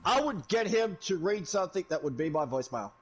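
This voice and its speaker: A man's voice: high-pitched, animated, a little fast, slightly rough, faint music behind. A man playing a game with friends, chatting casually and often hesitating mid-sentence. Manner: hesitant, restarts and trails off. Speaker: co-player. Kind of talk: casual chat while gaming.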